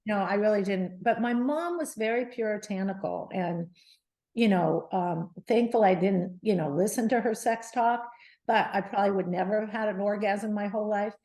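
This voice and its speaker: Middle-aged lady guest, animated storyteller, lots of restarts, bouncy delivery. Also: mid-range voice, moderate pace. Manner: animated, lively retelling with restarts. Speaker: guest, menopause advocate. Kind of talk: casual storytelling interview.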